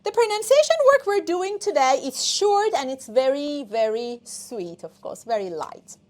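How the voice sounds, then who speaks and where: A woman's voice: sits high, animated, measured pace. A woman whose first language is Persian, teaching an online English test class, coaxing students and often checking in with "okay?".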